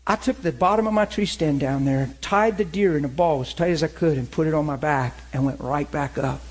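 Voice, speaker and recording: Animated man in his forties, preaching. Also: on the high side, brisk, husky. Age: 40s. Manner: animated, laughing storyteller. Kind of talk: sermon storytelling.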